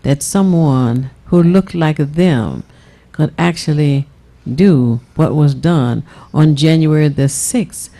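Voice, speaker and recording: A woman's voice: low voice, takes it slowly, warm tone. A woman telling mocking stories in a casual talk-show conversation. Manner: storytelling, mocking.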